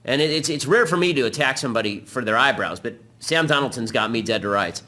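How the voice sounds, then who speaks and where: A man hosting a political talk show, delivering a combative, rapid-fire commentary monologue. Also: medium pitch, animated, sharp tone.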